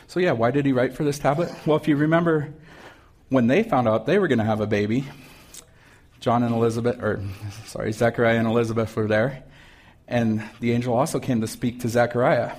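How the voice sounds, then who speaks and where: A man's voice: mid-range voice, darkish tone. A middle-aged male pastor giving a casual sermon in a church, reading scripture and asking the congregation questions. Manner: conversational, asks the congregation questions.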